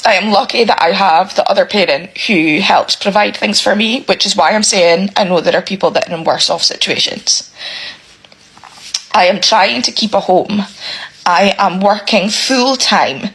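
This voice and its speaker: A woman's voice: medium pitch, moderate pace, fairly bright tone, slightly rough, rough recording. A British woman, a single parent, in an emotional rant to camera, swearing heavily and repeating herself, close to tears.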